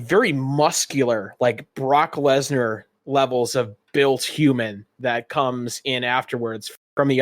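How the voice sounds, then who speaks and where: A man's voice: medium pitch, no room sound, studio quality. A man narrating as game master of a tabletop game, describing scenes in a rambling way with many fillers.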